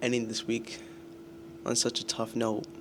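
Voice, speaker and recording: A man's voice: medium pitch, completely flat delivery, a little slow, noisy background. A young man talking casually in his vlog about school, exasperated and self-deprecating. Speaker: student vlogger.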